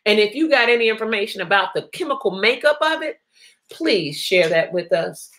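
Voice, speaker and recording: Bright-voiced woman hosting a live chat. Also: medium pitch, animated, moderate pace. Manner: chatty, laughs often, many restarts. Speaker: host of a live online show. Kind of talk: casual live-stream chat reading comments.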